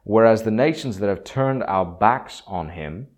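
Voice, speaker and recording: A man with a very low voice talks through theology on his own podcast. He speaks in a loose, opinionated way, full of asides and fillers, and he drops into mock voices when he quotes people. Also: animated, measured pace, a little mellow. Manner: conversational, opinionated, with frequent fillers and acted quotes. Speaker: podcast host. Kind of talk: solo podcast monologue on theology.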